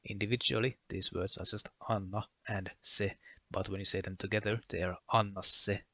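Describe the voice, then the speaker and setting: A man with a bright, forceful edge to a very deep voice narrates a lesson. He works methodically through the rules, giving one example after another. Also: fairly even intonation, fairly quick, husky, no room sound. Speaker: language explainer. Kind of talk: explanatory voice-over lesson.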